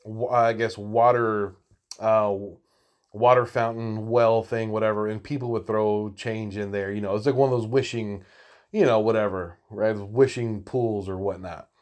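A man's voice: fairly low pitch, unhurried. Profane rambling man telling stories. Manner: profane, rambling, animated, laughing asides. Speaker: storyteller. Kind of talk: casual storytelling monologue.

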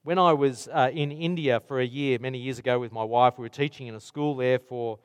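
A man preaching a sermon in a slow, deliberate way, leaning on weighty pauses. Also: medium pitch, fairly even intonation, clear, resonant tone, big-room sound.

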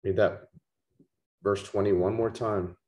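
Langsamer, tiefer Prediger mit Nachdruck. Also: male voice, on the low side, steady tone, darkish tone. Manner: slow, emphatic, repeats key words. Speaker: preacher. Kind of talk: sermon. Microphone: podcast microphone.

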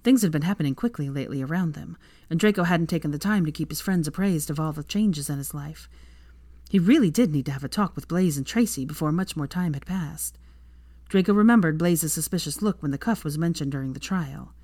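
Low-voiced woman reading fan fiction. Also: a little fast, warm tone, no room sound. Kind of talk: audiobook narration.

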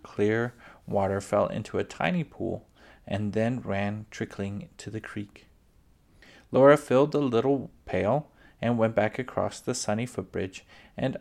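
A man reading a children's book aloud, unhurried, with small slips and restarts. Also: lowish voice, vocal fry, darkish tone. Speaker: reader.

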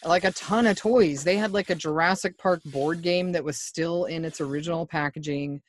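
A man with a slightly high voice chats loosely on a podcast, wandering from story to story and laughing as he goes. The sound is dry and close, with no room to it. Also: moderate pace, no echo. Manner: rambling, chatty, laughs often. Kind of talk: casual chat.

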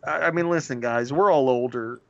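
A man co-hosting a podcast in casual chat, telling stories with animated energy and frequent laughs. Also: mid-range voice, a little fast, gravelly, dry recording. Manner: animated storyteller, laughs often. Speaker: podcast co-host. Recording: dull lo-fi sound.

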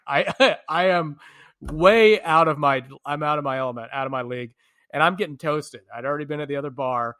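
Animated man telling travel stories. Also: medium pitch, brisk. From United States. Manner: animated storyteller, laughs often. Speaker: podcast co-host. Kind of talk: casual storytelling chat.

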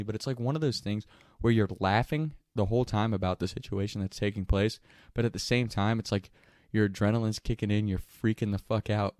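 A man's voice: lowish voice, no echo, studio quality. Young man telling a wild story. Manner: animated, laughing, profane. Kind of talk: casual anecdote.

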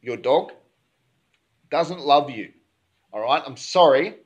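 A man's voice: mid-range voice, animated, slow, muffled recording. A man with an Australian accent preaching a sermon in a church, in an easygoing conversational way that keeps checking in with the congregation. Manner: conversational, keeps asking "all right?". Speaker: pastor.

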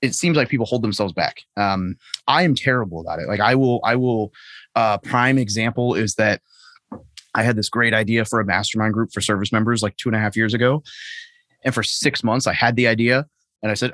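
A man with a fairly low voice talks through his habits as a podcast guest, rambling and self-deprecating, often restarting his sentences. The sound is dry and close, with almost no room around it. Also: fast, a bit bright, no room sound. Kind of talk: casual conversation. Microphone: remote call.

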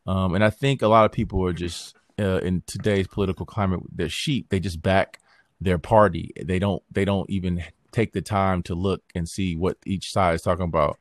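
Low-voiced man ranting on a podcast. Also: moderate pace, dry recording, clean studio sound. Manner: animated, slangy, swears, mimics others. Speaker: podcast host. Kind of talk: casual political chat.

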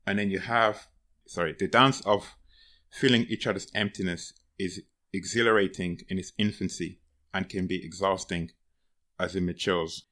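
A man's voice: sits low, steady tone, moderate pace, bright, forceful tone. A man hosting an interview, asking questions casually and laughing easily between loose phrases. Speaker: podcast interviewer.

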